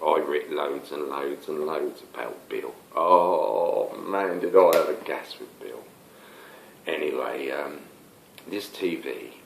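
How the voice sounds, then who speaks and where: A man's voice: extremely low pitch, vocal fry, a little hiss or hum. An older man, rambling through a casual spoken anecdote with plenty of fillers and restarts. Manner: rambling, stop-start, many fillers. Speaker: storyteller. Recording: roomy echo.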